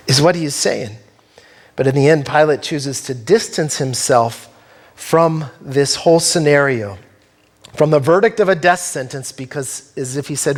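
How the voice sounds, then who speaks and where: A male pastor delivering an earnest sermon, walking through a scripture passage verse by verse. His voice sits a bit high for a man. He speaks directly to the congregation in an engaged, expository way. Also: lively intonation, unhurried. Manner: earnest, expository, acts out quotes.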